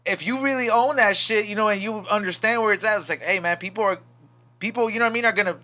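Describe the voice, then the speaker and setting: Earnest bright-voiced podcast host. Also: male voice, high-pitched, fast talker. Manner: earnest, rambling, lots of fillers like "you know". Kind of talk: casual podcast chat.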